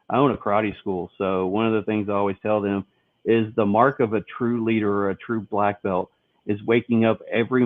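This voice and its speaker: A man's voice: on the low side, no room sound. A man co-hosting a podcast, chatting casually and upbeat while firing off quiz questions. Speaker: podcast co-host. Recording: thin phone-like line, dry.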